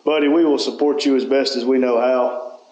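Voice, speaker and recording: A man's voice: medium pitch, fairly even intonation, normal speed, darkish tone. A man co-hosting a casual chat about a small garage channel, easygoing and chatty. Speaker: channel co-host. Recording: very echoey room.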